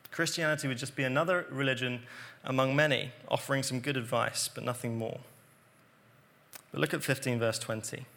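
A man preaching a sermon, explaining scripture earnestly and dropping to quiet emphasis on key points. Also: medium pitch, gravelly.

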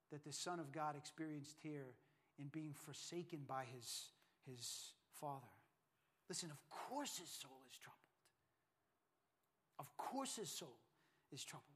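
A pastor preaching a sermon, emphatic and repetitive, swinging from hushed lines to loud ones. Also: male voice, a little high.

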